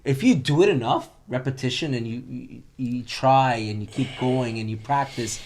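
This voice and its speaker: A man at an ordinary middle pitch hosts a casual interview. He talks loosely, restarting his sentences and piling on fillers as he works his way toward a point. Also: moderate pace, darkish tone, a little hiss or hum. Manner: rambling, many fillers and restarts. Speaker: podcast host.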